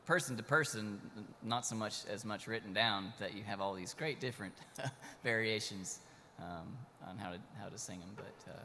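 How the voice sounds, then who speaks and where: A man's voice: fairly low pitch, moderate pace, hardly any pauses, bright, forceful tone, slight background noise. A man, a folk musician, musing with fillers and hesitations between songs on a live stage. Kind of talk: casual on-stage chat. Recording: live stage in a reverberant hall.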